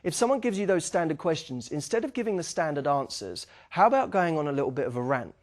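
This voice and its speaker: A man's voice: on the high side, fast talker. A young man giving a dating lesson, talking with energy and acting out bits of sample dialogue. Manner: energetic, acts out sample dialogue, frequent "okay?" check-ins. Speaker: dating coach. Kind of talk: instructional talk to camera.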